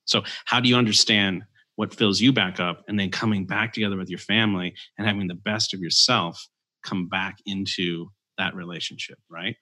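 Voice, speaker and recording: A man's voice: sits low, fairly even intonation, moderate pace, sharp tone. A man, an entrepreneur guesting on a podcast, explaining ideas step by step in a casual interview with frequent "uh" fillers. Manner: explains ideas in structured steps, filler-heavy. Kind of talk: conversational interview.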